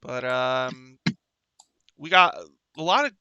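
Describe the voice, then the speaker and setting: A man's voice: mid-range voice, lively intonation, slow, highs cut off, background noise. A man hosting a livestream talk show, chatting casually and rambling, with lots of fillers and restarts, sometimes reading viewer comments aloud. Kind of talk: casual chat.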